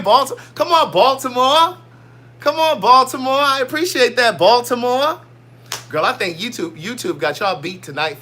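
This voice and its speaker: A man's voice: high-pitched, pushed and bright. A man hosting a casual livestream, chatty and playful as he reads out viewer comments. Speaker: livestream host.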